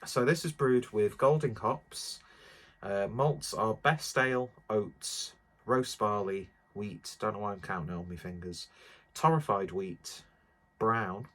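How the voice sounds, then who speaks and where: A man chats casually through a beer review, wandering off topic and poking fun at himself. His voice sits a little low, and he sounds slightly out of breath, with plenty of ums and uhs. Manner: rambling, self-deprecating, many fillers.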